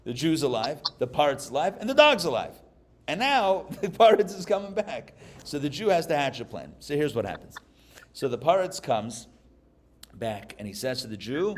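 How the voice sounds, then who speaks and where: A rabbi from Pittsburgh gives a live class to an audience, telling jokes with animated energy. His pitch sits in the middle for a man. Faint noise runs under the recording. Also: a little fast. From Pittsburgh, USA. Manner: animated, joking storyteller.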